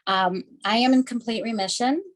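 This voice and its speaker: A woman from the Chicago area on a video call, telling her own story with emotion, halting often with ums. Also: fairly high pitch, poor audio. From Chicago area, USA. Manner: halting, many ums, tearful. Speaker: patient panelist. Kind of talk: emotional personal testimony.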